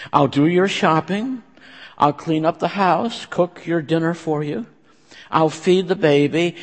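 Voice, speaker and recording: A man playing a kind, fussing older mother who soothes and reassures in a gentle, motherly way, recorded in a church with long reverb. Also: on the high side.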